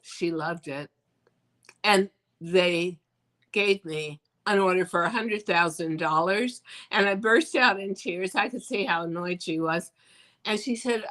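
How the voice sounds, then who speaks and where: An older woman, a fashion designer, telling her life story as an interview guest, animated and acting out the voices of people she quotes. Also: on the low side, unhurried, low-quality recording.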